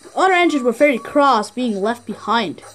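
A woman's voice: fairly high pitch, expressive, normal speed, a bit bright. A woman narrating a train story for a fan redub, reading plainly with small slips.

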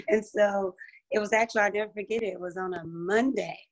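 A woman's voice: medium pitch, fairly quick. A middle-aged woman, a restaurant owner, speaking on a business panel over a video call and telling her story with emotion and faith.

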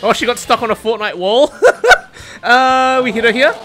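A gamer giving excitable live commentary over gameplay, swearing and laughing often. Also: medium pitch, normal speed. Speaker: gamer streaming a match.

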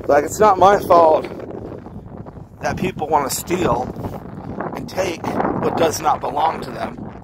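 A man's voice: on the high side, noisy background. A man venting indignantly, ranting with heavy swearing and repeated rhetorical questions. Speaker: vlogger. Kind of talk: angry venting monologue.

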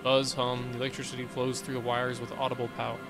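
A male streamer playing a game, reading its text aloud with wry asides. His voice sits at a middle pitch, and game music plays clearly behind him. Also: monotone, quick pace. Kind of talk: casual game commentary.

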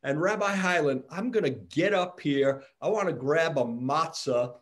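A man's voice: a little high, normal speed. Man giving an inviting Bible talk. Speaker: rabbi. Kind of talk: Bible teaching discussion.

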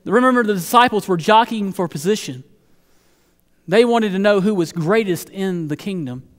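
A man's voice: high-pitched, moderate pace, long reverb tail. A man preaching a sermon as pastor, earnest, often repeating words as he builds a point. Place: church sanctuary.

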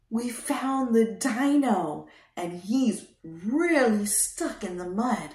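Woman, children's show host, high voice, very slow and sing-song, roomy echo. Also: lively intonation, a little mellow, soft background music. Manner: slow, exaggerated sing-song delivery for toddlers. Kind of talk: teaching toddlers.

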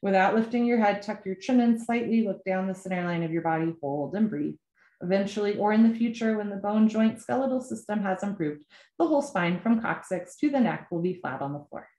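A woman teaching a guided yoga class, giving calm step-by-step cues. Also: medium pitch, a little fast. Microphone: camera mic. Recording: echoey room.

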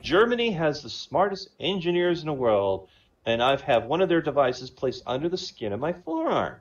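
A man's voice: a little high, very animated, moderate pace, lo-fi sound. A man telling a string of jokes in casual style, chatty and laughing at his own punchlines. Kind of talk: casual joke-telling on a voice chat. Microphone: online voice chat.

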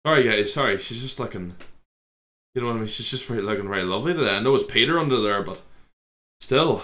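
Young Irish guy, low voice, chatty reaction host who keeps laughing and backtracking. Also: quick pace, fairly bright tone. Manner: laughs often, rambling, self-interrupting. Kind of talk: casual reaction commentary. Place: home room.

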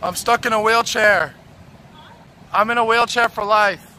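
A man's voice: sits high, steady tone, unhurried, rough recording. Brash young man streaming from the street. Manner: brash, profane, yelling at passersby. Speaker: livestreamer. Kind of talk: outdoor IRL livestream. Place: city street outdoors, moving in a chair. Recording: loud traffic noise outdoors.

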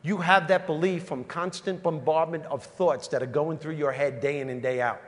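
A man's voice: on the high side, steady tone, moderate pace. A man from New York with a New York accent, giving a punchy, emphatic motivational keynote speech and driving home key phrases by repeating them. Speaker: keynote speaker and comedian. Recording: live talk in an echoey hall, faint room noise.

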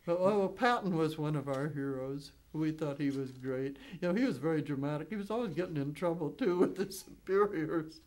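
A woman's voice: low-pitched, normal speed, hardly any pauses. A woman in her nineties telling wartime stories in an oral history interview, chuckling often and wandering through restarts and fillers. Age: 90s. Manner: chuckles often while telling lively anecdotes; rambling with frequent restarts and fillers. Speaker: WWII veteran interviewee.

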